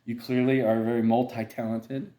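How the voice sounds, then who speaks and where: An adult reading a children's picture book aloud at home, chuckling and making playful asides to a small child, and jumping into high, excited voices for the characters. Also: moderate pace. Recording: roomy home recording.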